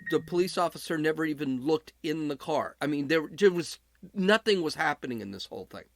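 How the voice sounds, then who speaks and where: Male podcast host, casual commentary, fairly high voice, dry sound. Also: no room sound. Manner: conversational recounting with frequent restarts.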